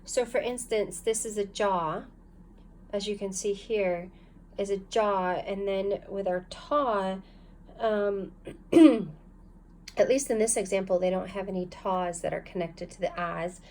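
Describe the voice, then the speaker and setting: A woman's voice: medium pitch, fairly even intonation, a little slow, a little mellow. A woman teaching a recorded phonics lesson, guiding learners patiently step by step and sounding out syllables. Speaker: language teacher.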